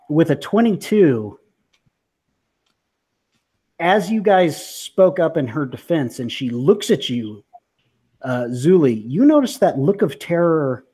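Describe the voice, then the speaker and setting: A man's voice: fairly high pitch, mellow, breathy edge. A man running a tabletop game as game master. He narrates in a casual, vivid way with a slightly raised voice.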